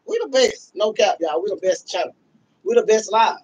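Hyped Texas man shouting out viewers. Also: high-pitched, expressive, moderate pace, slight background noise. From Dallas, Texas. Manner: hype, repetitive shout-outs to viewers. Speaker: livestream host. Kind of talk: casual livestream chat. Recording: dull, lo-fi stream audio.

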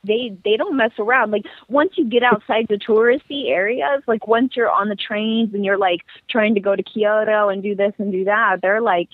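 A woman's voice: mid-range voice, normal speed, hardly any pauses. A woman guest chatting casually in an interview, talking in a loose, laughing way full of "like". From United States. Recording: tinny phone-like line.

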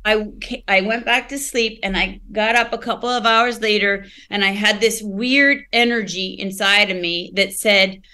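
A woman's voice: medium pitch, fairly even intonation, a little slow, few pauses, pushed and bright. A woman, a podcast guest, telling her personal story candidly and reflectively, often searching for words and restarting.

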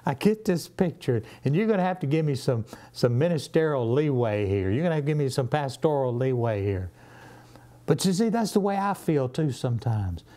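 A man with a Southern US accent, a pastor leading a Bible study in a church, animated and acting out the scripture he quotes. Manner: animated, acts out scripture quotes with rising pitch.

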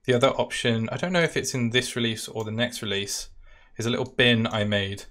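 A man with a British accent, casually talking through a software demo step by step in a live-stream Q&A. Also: medium pitch, steady tone, brisk. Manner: casual, talks through steps while clicking. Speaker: product specialist demoing software.

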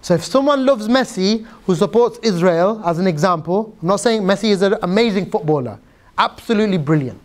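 Man, high voice, sermon, lively storyteller, informal, speaks directly to listeners. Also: fairly quick. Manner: lively storyteller who acts out quotes in a softer voice; direct and informal, addressing the audience. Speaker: preacher. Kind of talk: sermon with retold stories.

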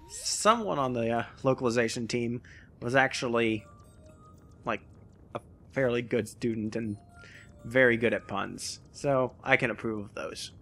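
A let's play host casually narrates his gameplay in a medium-pitched voice that sounds pushed and bright. He rambles, corrects himself with frequent restarts, and jokes about puns.

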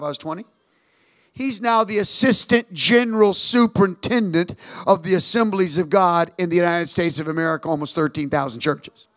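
Brief: older male pastor, high voice, dry close sound, animated storytelling sermon with call and response. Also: no room sound. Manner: animated storytelling preacher, calls for amens and response.

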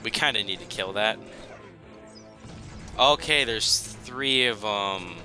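A man's voice: lowish voice, slow, bright, forceful tone, faint music behind. A young man commentating his own strategy game, pleading and joking at the enemy in a dramatic, self-mocking way. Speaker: gaming YouTuber. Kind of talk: gameplay commentary.

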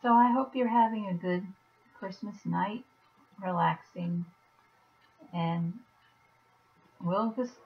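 A woman talking softly and gently to a viewer in a personal video message, reassuring, with halting pauses. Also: medium pitch. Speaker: vlogger. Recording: dull lo-fi recording.

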